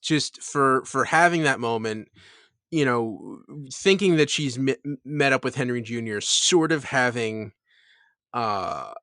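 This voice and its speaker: Bright-toned podcast co-host, a man. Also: mid-range voice, dry recording, clean studio sound. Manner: hesitant, full of restarts and ums. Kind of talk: casual podcast chat.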